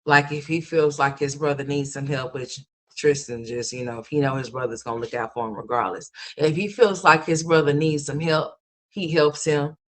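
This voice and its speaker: A woman's voice: low-pitched, fairly even intonation, normal speed. A mother hosting a casual livestream, telling a long story to her viewers in a rambling, repetitive way and calling them y'all and honey.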